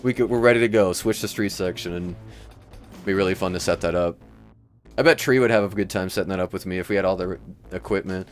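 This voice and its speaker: Soft background music plays as a man with a low voice and quick pace hosts his livestream. The Michigan native, Midwestern American in accent, chats casually with viewers, rambles, and laughs a lot.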